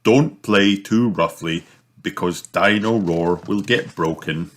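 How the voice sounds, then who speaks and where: A man voicing a jolly but fussy father pig who grumbles and doubts, in a children's storybook. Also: slow. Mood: fatherly. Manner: low, grumbling.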